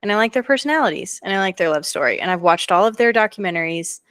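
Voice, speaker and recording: A woman co-hosting a podcast, chatting in an eager, gushing way. Her pitch sits in the middle range, and the recording is dry and close. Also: animated, fast, fairly bright tone, clear, resonant tone, dry recording. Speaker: podcast co-host. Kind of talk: casual chat.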